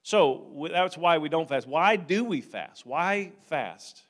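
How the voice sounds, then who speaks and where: Male pastor, middle-aged, high voice, casual sermon that builds in fervor. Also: lively intonation, slow pace, fairly bright tone. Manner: conversational, building to fervent preaching.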